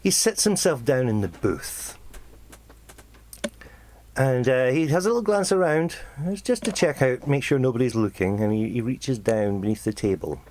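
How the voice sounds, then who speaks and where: A game master narrating a tabletop game, halting and full of ums. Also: mid-range voice, lively intonation, a little mellow, a little hiss or hum. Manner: hesitant, lots of ums and restarts.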